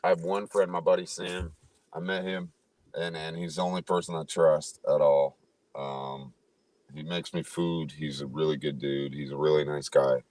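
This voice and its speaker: A man's voice: extremely low pitch, level tone, normal speed, a little mellow, dry recording, far from the mic. A middle-aged man chatting casually, rambling and swearing, laughing as he tells stories. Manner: rambling, profane, laughing often. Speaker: livestream chat guest. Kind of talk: casual chat. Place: in a car, then at a house.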